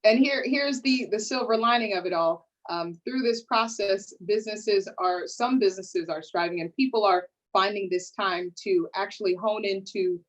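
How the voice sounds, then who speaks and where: A woman's voice: medium pitch, normal speed, few pauses, rough recording. A woman hosting a live online panel, playful and sassy, often calling people honey. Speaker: host. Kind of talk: lively hosted panel talk.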